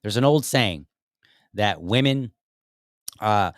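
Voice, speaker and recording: A man's voice: on the low side, expressive, takes it slowly, no echo, studio quality. A man hosting his own podcast, rambling casually with many fillers and restarts. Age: young adult to middle-aged father. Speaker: podcast host. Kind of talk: casual commentary.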